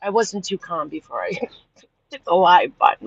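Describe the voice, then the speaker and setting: A woman chatting casually with viewers on a livestream, animated and indignant as she retells events. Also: on the low side, unhurried, creaky, husky, dry recording. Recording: dull lo-fi livestream audio.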